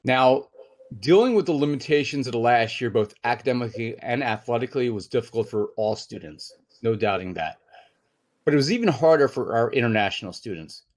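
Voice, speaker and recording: A man's voice: mid-range voice, lively intonation, fairly quick. Polished man interviewing an athlete. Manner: polished, announcer-like delivery. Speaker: interviewer, university communications director. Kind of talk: formal award interview.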